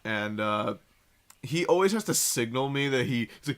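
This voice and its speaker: A man's voice: medium pitch, normal speed. A young man co-hosting a podcast, telling a work story in casual, profanity-laced slang. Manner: profane, animated retelling with slang. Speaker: podcast co-host.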